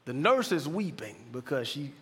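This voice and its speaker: Fervent preacher in an echoing hall. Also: male voice, on the high side, big pitch swings, normal speed, slight background noise. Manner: builds from quiet storytelling to loud fervent preaching. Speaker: preacher, hospital chaplain. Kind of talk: sermon. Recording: long reverb of a large hall.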